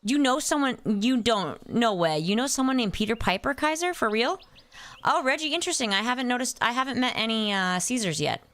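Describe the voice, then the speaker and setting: A woman's voice: on the high side, expressive, fairly quick, fairly bright tone. A young woman streaming a game, chatting casually, getting distracted, and answering her chat by name. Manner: playful, hums nonsense sounds while playing. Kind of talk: casual live-stream chat while gaming.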